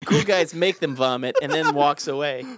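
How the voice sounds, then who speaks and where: A man's voice: fairly high pitch, moderate pace, background noise. A man joking and laughing through profane, casual banter with friends.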